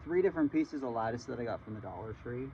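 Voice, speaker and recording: A man casually chatting through a gardening how-to in his garden, relaxed and chatty with frequent ums. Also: medium pitch, quick pace, muffled recording, a little hiss or hum. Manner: relaxed, chatty, laughs easily, many ums. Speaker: gardening vlogger. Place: outdoor garden in the morning.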